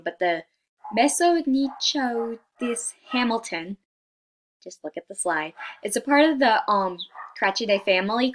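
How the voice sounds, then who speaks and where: A student presenter, a young woman with a mid-range, fairly bright voice, delivers a class slideshow over a slight hiss or hum. Her manner is casual and talkative, heavy on fillers and "right?", with apologies when complex scientific words trip her up.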